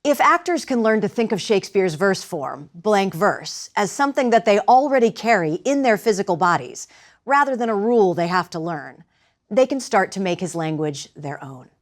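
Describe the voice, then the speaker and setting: A woman acting teacher giving a lecture with demonstrations, speaking in a clear, measured way. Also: mid-range voice, sing-song.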